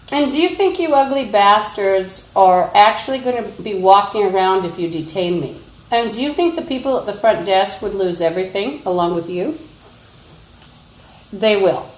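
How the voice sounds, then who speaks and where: Woman ranting angrily at her phone, insulting and accusing, mid-pitched voice, echoey room. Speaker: livestreamer. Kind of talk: rambling livestream rant.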